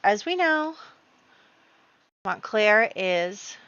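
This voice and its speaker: A woman's voice: mid-range voice, very animated, drawn-out words, fairly bright tone, dry recording. A woman giving casual, chatty, rambling commentary over her game play. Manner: chatty, rambling, many fillers. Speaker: gaming video creator. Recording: dull lo-fi dry recording.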